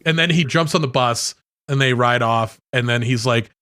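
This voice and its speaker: Man, podcast co-host, mid pitch, blunt, teasing, casual swearing. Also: normal speed, fairly bright tone, clean tone. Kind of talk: casual chat.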